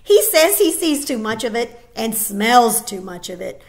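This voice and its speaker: A woman doing a high, spirited young girl. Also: big pitch swings, unhurried. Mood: chattering. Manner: chattery, then angry and tearful. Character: brave spirited ten-year-old girl.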